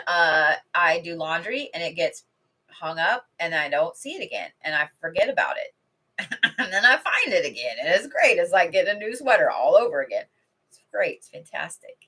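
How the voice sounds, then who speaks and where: A woman's voice: lowish voice, a bit bright. A middle-aged woman chatting casually on a livestream from home, rambling and swearing freely as she reads cards. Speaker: intuitive card reader. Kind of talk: casual livestream chat with card reading.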